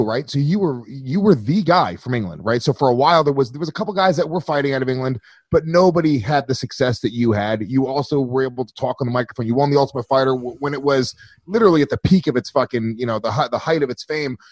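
A man hosting a podcast, asking questions in a quick, sweary, casual way. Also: medium pitch, expressive, darkish tone, dry recording. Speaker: podcast host.

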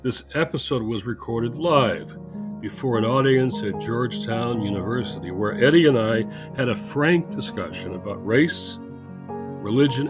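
A man hosting a podcast who reads a measured scripted introduction and then talks in conversation. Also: medium pitch. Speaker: podcast host.

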